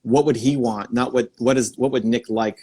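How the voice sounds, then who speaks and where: A man in mid-range pitch hosts a live stream, coaching a guest with excited energy. He thinks out loud, restarts his sentences and speeds up in bursts as ideas come to him. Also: moderate pace, husky.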